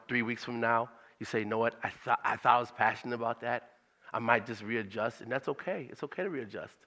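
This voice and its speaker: A man's voice: medium pitch, a bit bright, big-room sound. A man speaking at a church service in a conversational, motivational way, repeating his questions for emphasis.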